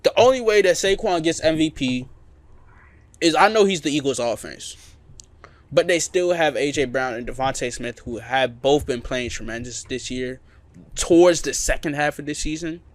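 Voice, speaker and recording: Podcast co-host, male, slightly high pitch, insistent and repetitive in debate. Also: normal speed, dry recording. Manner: emphatic, repeats points for emphasis. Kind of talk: casual sports debate.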